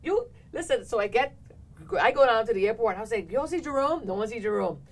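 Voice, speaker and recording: A woman hosting a talk show, telling a story in an animated way and acting out what people said. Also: fairly high pitch, quick pace, poor audio. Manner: animated, laughing, acts out quotes. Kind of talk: casual storytelling chat.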